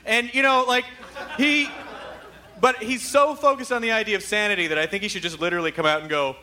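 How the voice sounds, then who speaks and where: A man's voice: sits high, steady tone, brisk, sharp tone. A man hosting a live podcast in front of an audience, talking in a hyper, rambling, profane way. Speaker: podcast host. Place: live theater stage with audience. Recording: live venue with audience noise.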